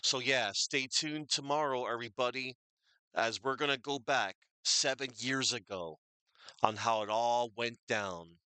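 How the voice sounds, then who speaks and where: A man's voice: mid-range voice, measured pace, pushed and bright, smooth, dry recording. A man, rambling casually and thanking his viewers as he signs off a stream. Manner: rambling, thankful, chatty with fillers. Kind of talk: casual stream sign-off chat.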